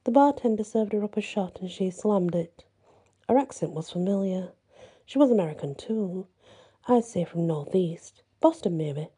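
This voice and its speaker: A woman narrating a first-person horror story in a plain, measured storytelling manner. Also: mid-range voice, lively intonation, mellow, breathy edge.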